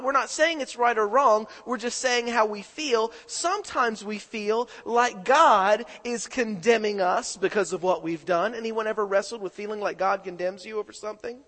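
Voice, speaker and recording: High-voiced preacher quizzing his congregation. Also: fairly bright tone. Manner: questions the congregation, call-and-response. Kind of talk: sermon. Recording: echoing hall reverb.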